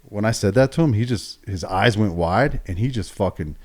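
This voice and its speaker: Middle-aged man, profane animated storyteller. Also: lowish voice, moderate pace. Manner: profane, animated, acts out quoted dialogue. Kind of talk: casual storytelling on a podcast.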